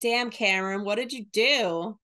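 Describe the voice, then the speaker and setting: A woman in her twenties from the northern United States, co-hosting a casual chat podcast and acting out quotes in a higher voice. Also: unhurried. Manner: animated, acts out quotes in a high voice. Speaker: podcast co-host.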